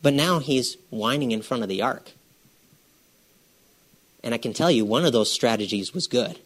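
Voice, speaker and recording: A man preaching a sermon in a lively, conversational way, asking the congregation questions and repeating phrases for emphasis. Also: medium pitch, moderate pace.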